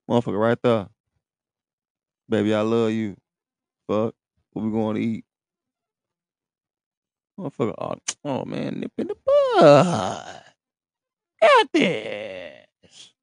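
A man's voice: medium pitch, gravelly, mellow, dry recording. A man, rambling in a profane, casual street-talk monologue.

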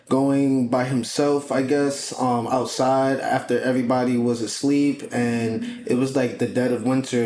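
A man's voice: medium pitch, darkish tone. Man, podcast co-host, casual storyteller, swears, echoey room, faint noise. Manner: loose storyteller, swears and jokes.

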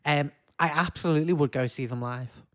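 A man's voice: a little high, fairly quick. A man from Wigan with a Northern English accent, chatting casually as a podcast co-host, rambling and hesitant with lots of fillers. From Wigan, England. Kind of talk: casual chat.

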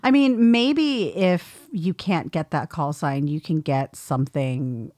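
A woman with a fairly low voice co-hosts a podcast, chatting casually and reading listener mail aloud. She laughs often and teases playfully. The sound is close and dry. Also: slow pace, a little mellow, no room sound. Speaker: podcast co-host.

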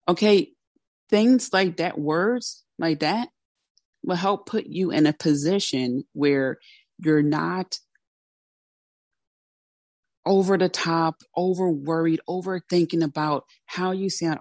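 A woman's voice: low voice, slow pace, darkish tone, no room sound, clean studio sound. A woman hosting a motivational podcast who coaches listeners in a direct, candid, conversational way. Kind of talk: motivational solo talk.

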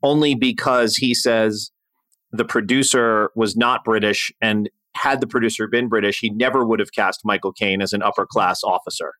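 A man's voice: fairly low pitch, fairly even intonation, moderate pace, bright, forceful tone. Podcast host guy, into the movie stuff, laughs easy. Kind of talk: casual film chat.

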